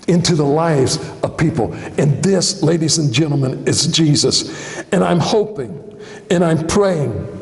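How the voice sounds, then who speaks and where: High-pitched preacher guy, slow delivery, acts out the story, big reverb church hall. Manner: animated storytelling, acting out the scene. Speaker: pastor. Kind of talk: sermon.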